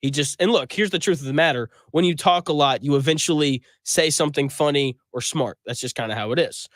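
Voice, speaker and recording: Man, sports talk radio host, slightly high voice, dry close studio mic, emphatic storyteller, opinionated. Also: a little fast, fairly bright tone, no echo.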